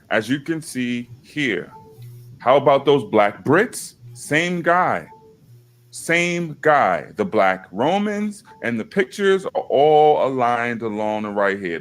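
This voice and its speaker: A man hosting his own video channel, talking casually and reading aloud from a page, with loose asides, apologies and some swearing. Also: mid-range voice. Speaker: channel host.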